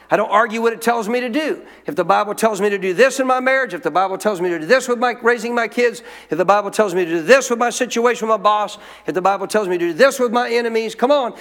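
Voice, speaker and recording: A man's voice: sits high, fairly bright tone. A male pastor preaching a sermon in a church, emphatic, calling out to the congregation for responses. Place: church sanctuary. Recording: long hall reverb.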